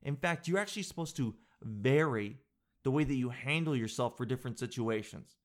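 A man vlogging casually, reacting to an internet article in a jokey, excitable way and calling the audience "dude". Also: mid-range voice, a little fast. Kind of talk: casual chat reading an article aloud.

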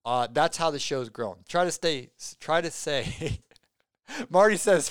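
Excitable rambling male podcast host. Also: on the high side, a little slow, gravelly, clear, resonant tone, no room sound, clean studio sound. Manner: rambling, excitable, self-joking, many fillers. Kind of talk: casual podcast sign-off chat.

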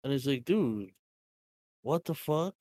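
A man chatting on a casual podcast, his pitch sitting right in the middle of the range. He rambles and swears freely, piling on filler words. The sound is dry and close, with little room in it. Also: lively intonation, takes it slowly, warm tone, no room sound. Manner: rambling, heavy swearing, lots of "like". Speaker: podcast co-host. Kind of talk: casual chat. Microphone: computer mic on a voice call.

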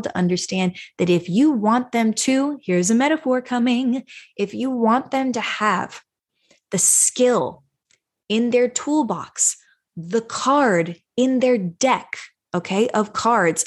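Breathy woman coaching listeners. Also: medium pitch, a little mellow. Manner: coaching, emphatic, role-plays example phrases. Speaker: parenting podcast host. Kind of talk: solo podcast teaching.

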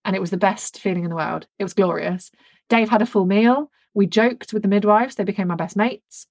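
A woman telling a story on a podcast, frank and animated, with a soft, breathy edge to her voice. She swears freely and keeps the chat casual. The sound is dry and close. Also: mid-range voice, brisk, no room sound. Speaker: podcast co-host.

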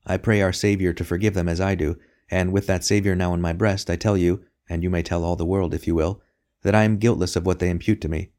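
A man voicing a weary captive queen who speaks softly and calmly with quiet dignity. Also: deep voice, fast, close to an everyday voice. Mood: earnest. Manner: soft, quiet and unruffled.

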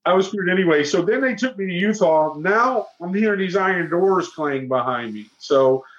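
Southern guy in his 60s telling a wild story, animated, kinda muffled audio. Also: high voice, moderate pace. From South Florida. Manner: animated raconteur, acts out quotes, frequent fillers. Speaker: guest. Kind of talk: casual storytelling.

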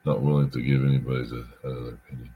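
A man's voice: rumbling low, flat delivery, racing, phone-quality sound, slight background noise. A man chatting casually on a podcast, rambling through a story, repeating himself and swearing. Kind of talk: casual chat.

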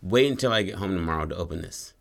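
A man's voice: sits low, animated, fast talker, vocal fry. A man voicing a cautious, level-headed wife who talks bluntly and practically, as he retells a story in casual chat. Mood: firm.

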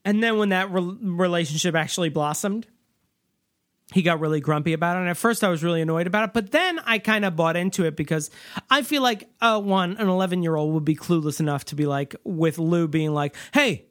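A woman co-hosting a casual movie discussion podcast, talking in an animated, sarcastic and laughing way. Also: lowish voice, a little fast. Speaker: podcast co-host.

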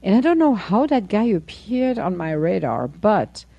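A woman hosting a podcast, chatting casually and telling an animated story, laughing often and acting out her own replies. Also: medium pitch, unhurried, creaky, breathy edge, dry recording. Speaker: podcast host. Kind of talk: casual chat.

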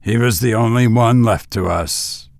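A gentle, dazed elderly father who speaks in a subdued hush, as a male narrator takes his part. The delivery is slow and dry. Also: fairly low pitch, creaky, dry recording. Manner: subdued and hushed.

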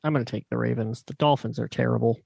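A man's voice: medium pitch, steady tone, quick pace, gravelly, warm tone, no echo. A man co-hosting a casual sports podcast, giving blunt, offhand opinions. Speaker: podcast co-host.

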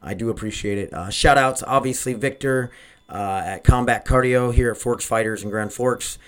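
A man's voice: medium pitch, moderate pace. A man hosting his own podcast, talking casually and rambling, often losing his train of thought and poking fun at himself, recorded on a home microphone setup. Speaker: podcast host. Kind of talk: casual solo podcast monologue. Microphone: desk microphone.

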